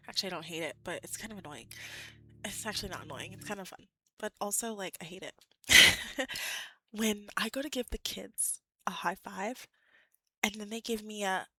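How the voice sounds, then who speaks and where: A woman's voice: medium pitch, big pitch swings, measured pace, long pauses, sharp tone. A woman live-streaming and chatting casually with her viewers, giggly and often correcting herself.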